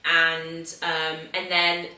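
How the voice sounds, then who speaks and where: A woman co-hosting a podcast, telling stories in a chatty, animated way. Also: deep voice, extremely slow. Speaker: podcast co-host. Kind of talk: casual chat. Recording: echoey room, mic at a distance.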